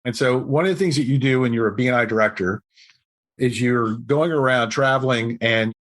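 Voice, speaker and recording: A man as a podcast guest, telling a story in an animated, self-deprecating way. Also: medium pitch, brisk. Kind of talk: storytelling in conversation.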